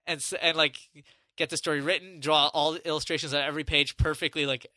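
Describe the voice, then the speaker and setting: A young man on a podcast telling a story in casual chat, animated and swearing freely, acting out what people said. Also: a little high, fast.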